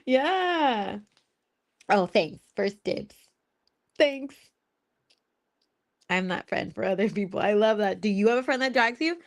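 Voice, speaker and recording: A woman's voice: medium pitch, lively intonation, takes it slowly, creaky, pauses often. A young woman hosting a live stream, chatting casually with viewers in a blunt, teasing way, swearing and laughing often. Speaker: host of a live spiritual Q&A stream.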